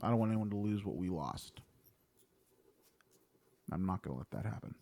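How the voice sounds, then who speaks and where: A man playing his character at a tabletop game, earnest and plainspoken with halting pauses. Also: low voice, expressive, vocal fry, mellow. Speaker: player.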